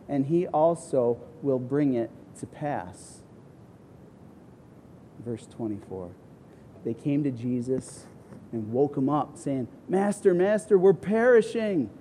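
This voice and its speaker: Dark-voiced man preaching a sermon. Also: a little hiss or hum. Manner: acts out quoted voices with big pitch swings. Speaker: pastor.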